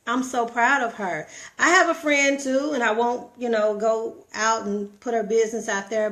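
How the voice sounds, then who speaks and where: A woman's voice: fairly high pitch, a bit bright. A middle-aged woman with a Texan accent talks to her live viewers in a preachy, motivational way. She circles back to the same points and keeps asking rhetorical questions. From Texas. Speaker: vlogger. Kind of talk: motivational live-stream monologue.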